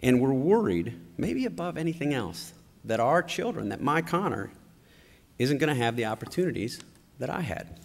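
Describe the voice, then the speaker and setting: A middle-aged man addresses a conference crowd, moving from family anecdotes into a political point. His pitch rises and falls in an animated, storytelling way. The voice carries a long reverb from the large hall. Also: normal speed, gravelly. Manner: animated anecdotal delivery with acted quotes. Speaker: conference speaker.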